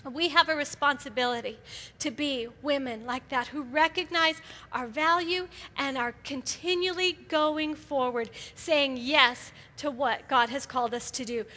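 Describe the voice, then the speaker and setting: Bright high-voiced woman preaching in a hall. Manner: animated, laughs often, acts out quoted voices. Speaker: women's ministry speaker. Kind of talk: sermon to a women's audience. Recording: live hall with long reverb.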